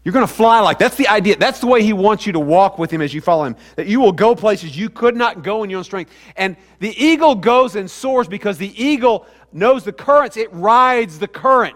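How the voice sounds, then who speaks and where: A man's voice: high voice, animated, moderate pace, few pauses. A man preaching a sermon to his congregation in a conversational way, often asking the room questions. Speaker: pastor. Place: church sanctuary. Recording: hall reverb.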